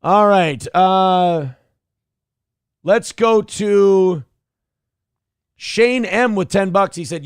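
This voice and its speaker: A man's voice: high-pitched, extremely slow, pauses often, clean tone, no room sound, clean studio sound. A man from central Minnesota hosting a livestream show, reading viewer donations and mocking people in a blunt, crude way. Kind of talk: casual livestream commentary.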